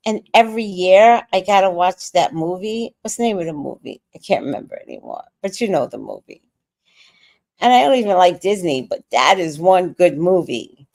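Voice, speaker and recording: A woman in her sixties chats loosely through a livestream, reading out viewer comments and reacting with quick laughs. Her lowish voice has a gravelly edge and swings widely up and down. She sounds worn out, and the sound is close and dry. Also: lively intonation, darkish tone, dry recording. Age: 60s. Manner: chatty, reacts to viewer comments with laughter and sudden sung bits. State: tired. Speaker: livestream host reading chat. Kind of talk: casual livestream chat.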